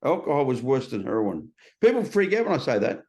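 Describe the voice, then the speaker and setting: A man's voice: medium pitch, very animated, brisk, darkish tone. A man in his sixties with an Australian accent, a podcast guest telling vivid stories in a blunt, slangy way. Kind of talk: conversational storytelling.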